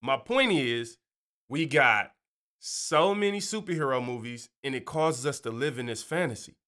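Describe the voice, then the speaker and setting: Animated, bright-voiced man talking casually. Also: mid-range voice, moderate pace. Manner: animated, chatty, keeps asking "you know". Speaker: Christian speaker. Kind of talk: casual faith talk.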